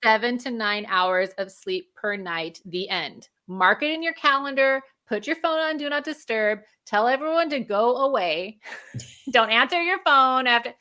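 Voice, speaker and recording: Brief: woman guest expert, bright, lively explainer, laughs easily. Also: on the high side, a little slow. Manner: energetic, explanatory, laughs often. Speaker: functional medicine practitioner, guest. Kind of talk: interview conversation.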